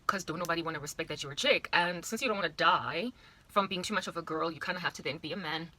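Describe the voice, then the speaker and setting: A woman's voice: lowish voice, fast talker, bright, forceful tone. A South African woman in her thirties, rambling playfully through a casual monologue with exaggerated asides. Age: 30s. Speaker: vlogger.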